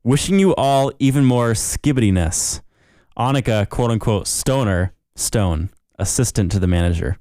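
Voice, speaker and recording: A man's voice: on the low side, animated, moderate pace, dark tone, dry recording, studio quality. A young man co-hosting a podcast in casual chat, reading a listener email aloud and laughing often. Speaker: podcast co-host.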